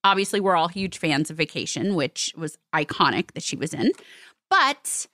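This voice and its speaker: A middle-aged woman co-hosting a casual chat, animated and exclamatory, stretching words for emphasis. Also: on the low side, no echo, clean studio sound. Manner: animated, exclamatory, with drawn-out stresses. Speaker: podcast co-host.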